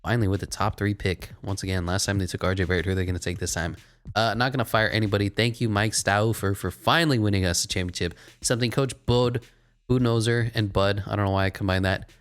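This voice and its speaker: A man giving casual, sarcastic running commentary while playing a video game, swinging between mocking asides and excited play-by-play. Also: fairly low pitch, fast talker, clear, resonant tone.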